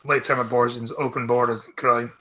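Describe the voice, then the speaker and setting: A man's voice: medium pitch, little pitch movement, fast talker, pushed and bright, rough recording. A Scottish man hosting a casual stream, reading news out and mocking it with blunt, sarcastic swearing.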